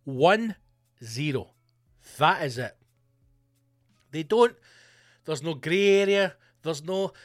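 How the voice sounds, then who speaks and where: A man with a slightly high voice rants through a solo comedy podcast, swearing freely and jumping between mock outrage and sarcastic jokes. His voice sits close and dry against the mic, and faint music plays underneath. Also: slow, pauses often, dry recording. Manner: profane, animated, mocking asides. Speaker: podcast host. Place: home studio bunker.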